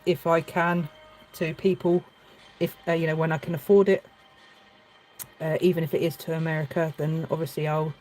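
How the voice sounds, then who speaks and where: A woman's voice: low-pitched, a little mellow, low-quality recording. Chatty hesitant woman streaming live. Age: adult with a child. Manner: chatty, hesitant, many fillers and restarts. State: tearful at moments. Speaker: livestreaming artist. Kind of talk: casual live-stream chat.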